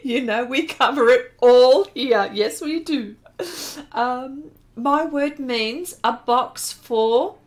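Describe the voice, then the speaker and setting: A woman's voice: high voice, takes it slowly. A woman chatting casually on a live art stream, reading viewer comments aloud and exclaiming often.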